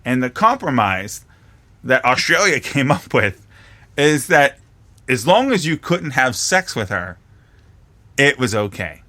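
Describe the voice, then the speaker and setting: Animated, bright-voiced man podcaster. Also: medium pitch, unhurried, pauses often. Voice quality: profane, animated storyteller. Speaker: podcast co-host. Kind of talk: casual podcast chat.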